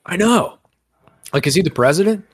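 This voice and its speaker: A man's voice: high-pitched, lively intonation, normal speed, breathy edge, no echo, studio quality. A man hosting a podcast in casual chat, rambling and sarcastic, swearing casually. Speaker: podcast host.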